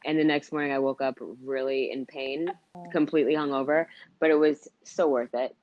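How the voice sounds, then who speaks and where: A woman's voice: very deep voice, fairly even intonation, brisk, muffled recording. A woman co-hosting a podcast, chatting enthusiastically with jokes and exclamations. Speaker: podcast co-host. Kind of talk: casual chat.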